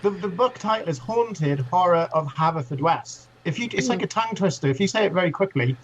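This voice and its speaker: A man's voice: sits high, expressive, brisk, dull audio, a little hiss or hum. A man being interviewed as a guest author, friendly and enthusiastic. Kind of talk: radio interview.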